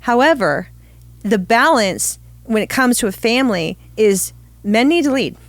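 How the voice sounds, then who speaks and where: A woman's voice: fairly high pitch, very animated, unhurried, dry recording. A woman co-hosting a podcast who talks earnestly and affirmingly, with restarts and fillers as she works out her thoughts. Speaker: podcast co-host. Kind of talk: casual podcast chat.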